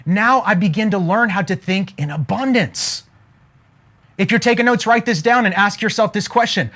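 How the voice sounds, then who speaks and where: A man around forty giving an energetic motivational talk, throwing rhetorical questions at his listeners. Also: high voice, normal speed. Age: 40s. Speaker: motivational speaker.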